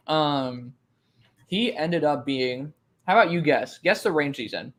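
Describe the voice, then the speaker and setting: Young guy cohost, kinda high voice, gets hyped and laughs a lot. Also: normal speed. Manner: excitable, laughs often, swears casually. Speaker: co-host. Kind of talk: casual podcast chat.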